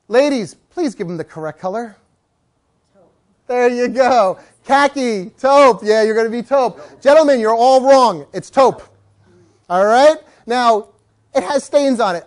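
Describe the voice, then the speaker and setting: Animated man teaching a dog class. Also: extremely high pitch. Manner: animated storytelling, jokes with the audience. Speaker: dog trainer. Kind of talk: lively class talk to a live audience.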